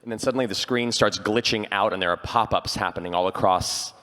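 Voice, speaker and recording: A man, a voice actor on a live panel, telling an eager, animated story. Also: lowish voice, fairly quick, long reverb tail. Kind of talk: casual storytelling.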